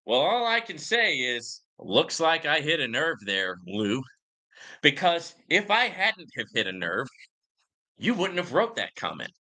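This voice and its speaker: A male show host reading out a viewer's comment and answering it with slow, mocking, sarcastic taunts. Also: fairly high pitch, sing-song, bright, forceful tone. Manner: sarcastic, teasing, drawn-out taunts.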